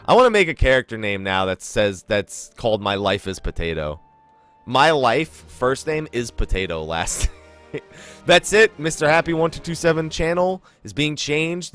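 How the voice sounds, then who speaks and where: A man's voice: medium pitch, fairly bright tone. A man giving casual let's play commentary, chatty and rambling, laughing often. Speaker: gaming YouTuber.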